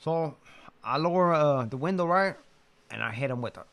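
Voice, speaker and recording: Animated man telling a story. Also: on the high side, moderate pace, gravelly. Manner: animated, laughs while telling, lots of fillers and restarts. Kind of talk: casual storytelling.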